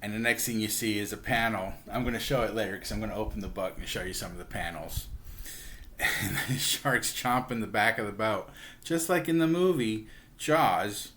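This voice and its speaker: A man's voice: on the low side, normal speed, fairly bright tone, a little hiss or hum. A man casually retelling a comic book story, acting out the characters' lines with a chuckle here and there. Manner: chatty, acts out characters with lots of "he's like"; chuckles while telling. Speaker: book reviewer.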